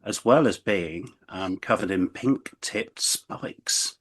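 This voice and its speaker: Man, podcast co-host, casual chat, lowish voice, halting with fillers. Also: a bit bright, slightly rough. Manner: chatty, halting with many restarts and fillers.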